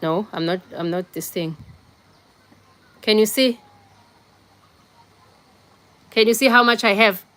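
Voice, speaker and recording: A woman's voice: medium pitch, normal speed, fairly bright tone. A young woman hosting a casual livestream on her phone, chatting bluntly with viewers and scolding people in the comments. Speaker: livestream host. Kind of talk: casual live-stream chat with viewers.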